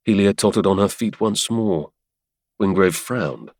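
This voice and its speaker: A man narrating a romance audiobook in a measured, dramatic way. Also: on the low side, lively intonation, creaky, no echo, studio quality.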